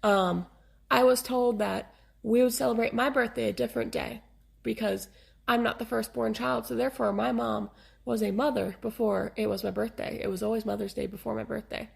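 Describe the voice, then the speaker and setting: Hoarse, congested woman chatting. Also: fairly high pitch, fairly even intonation, normal speed. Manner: chatty, frank, laughs often. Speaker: podcast co-host. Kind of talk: casual chat.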